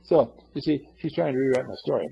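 A man's voice: medium pitch, animated, fast, creaky, breathy edge. A man telling a story aloud in a folksy, meandering way, addressing his listeners. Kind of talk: casual oral storytelling. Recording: dull lo-fi recording.

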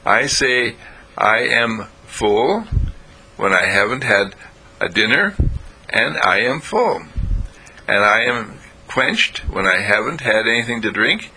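A man voicing a calm, patient male spiritual teacher in a told story, speaking slowly and earnestly. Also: medium pitch, slight background noise, exaggerated voice, low-quality recording. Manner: slow, measured, earnest. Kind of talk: storytelling with voices.

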